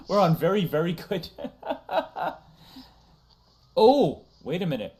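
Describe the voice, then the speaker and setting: A man's voice: fairly high pitch, lively intonation, unhurried, long pauses, a little mellow, a little hiss or hum. A man hosting a casual livestream chat, talking loosely, laughing often and reading chat messages aloud. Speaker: streamer host.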